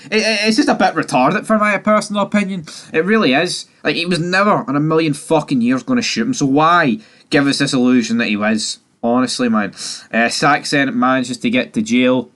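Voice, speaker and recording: A man giving a casual spoken recap of a TV season, ranting animatedly and swearing a lot. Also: a little fast. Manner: animated, sweary ranting with sudden jumps in pitch. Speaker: TV review host.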